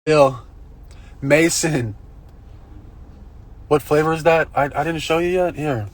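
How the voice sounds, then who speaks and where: High-voiced man rambling on a livestream. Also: slow. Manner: profane, rambling, excitable. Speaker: live-streamer. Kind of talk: casual live-stream storytelling. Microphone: phone.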